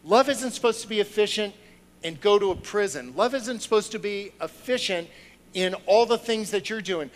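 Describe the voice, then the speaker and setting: Man preaching in a bright, raised voice. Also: sits high, rough recording. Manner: moves from hushed storytelling to loud, excited preaching. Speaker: lay speaker. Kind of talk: sermon storytelling. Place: church sanctuary with a congregation.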